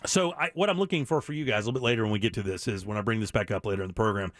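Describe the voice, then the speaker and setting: Speaking very fast in a low, slightly bright voice, this middle-aged radio host gives a frank talk-radio monologue. He's earnest and blunt, restarting himself often, and the audio is clean studio quality with no room sound.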